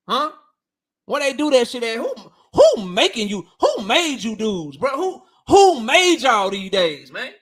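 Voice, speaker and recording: A man's voice: very high-pitched, a bit bright. A man hosting a boxing livestream and reading chat, talking bluntly and profanely, heated and repeating himself. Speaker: boxing channel host.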